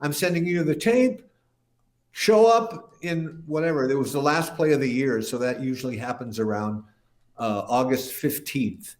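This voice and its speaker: In a casual storytelling interview, an older musician guest rambles through an anecdote at a moderate pace in a mid-range voice, voicing the people he quotes.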